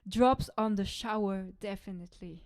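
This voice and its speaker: A French woman drummer chatting casually with viewers on a live stream in English, pausing often to search for words. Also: medium pitch, darkish tone, no echo, studio quality. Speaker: drummer hosting a live lesson.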